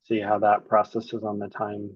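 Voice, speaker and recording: A man acting as the client, casually walking through a software demo and thinking aloud as he clicks around. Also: on the low side, completely flat delivery, moderate pace, breathy edge, no echo, highs cut off.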